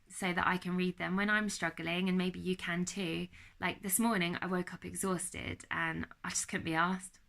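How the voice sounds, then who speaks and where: Bright-voiced young British woman vlogging. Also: lowish voice. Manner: earnest and confiding, chatty with fillers. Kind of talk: candid personal vlog. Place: at home.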